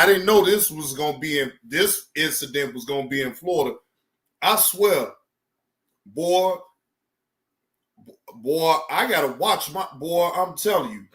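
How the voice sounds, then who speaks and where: A woman hosting a reaction video, talking in loud, cursing, indignant outbursts. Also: sits low. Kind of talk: casual reaction commentary.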